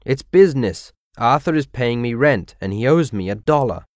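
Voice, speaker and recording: A man's voice: mid-range voice, expressive, moderate pace, darkish tone, no echo, clean studio sound, natural voice. A man doing a bossy little sister.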